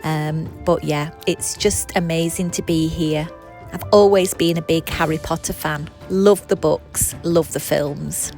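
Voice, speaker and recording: A woman's voice: low voice, steady tone, measured pace, darkish tone. A woman narrating a travel vlog in a chatty way, with frequent ums and apologies. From not Scottish. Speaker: travel vlogger. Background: background music.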